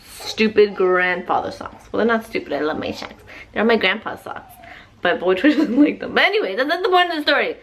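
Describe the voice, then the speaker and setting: A woman's voice: mid-range voice, slight background noise. Chatty woman vlogging at home. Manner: lively, chatty storytelling with sound effects. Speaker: vlogger and mother. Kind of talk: casual vlog storytelling.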